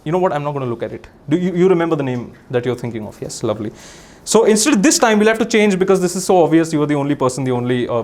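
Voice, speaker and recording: High-voiced Indian comedian-magician, playful. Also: male voice, a little mellow. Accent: Indian English. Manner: playful, teasing, theatrical commands. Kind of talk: live stand-up magic act with audience. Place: live show stage before an audience.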